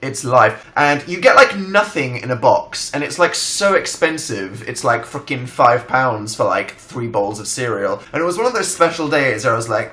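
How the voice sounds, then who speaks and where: A young man in his twenties hosting a casual livestream, telling animated stories and reading out chat comments. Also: mid-range voice, normal speed, few pauses. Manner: animated storytelling, reads chat aloud. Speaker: livestream host. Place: home room.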